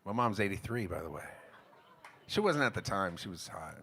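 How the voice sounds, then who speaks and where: A man's voice: low-pitched, very animated, moderate pace, sharp tone. Man joking crudely on a club stage. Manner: crude, rambling comic storytelling between songs. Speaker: singer-songwriter performing live. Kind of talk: live concert singing and comic stage banter. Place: small live music venue. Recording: live concert mix with guitar.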